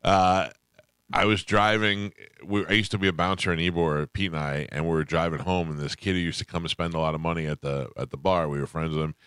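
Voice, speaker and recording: A middle-aged man hosting a radio show, telling quick anecdotes in casual studio chat and acting out the voices of the people in his stories. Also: sits low, steady tone, fairly bright tone, clean tone, no room sound. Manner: rapid anecdotes, acts out quoted voices.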